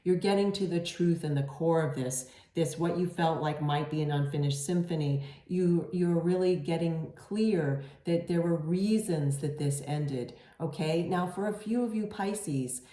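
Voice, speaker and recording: A woman's voice: on the low side, warm tone. A woman giving a casual, reassuring tarot reading to camera, with many fillers and restarts. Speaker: tarot reader. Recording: echoey room.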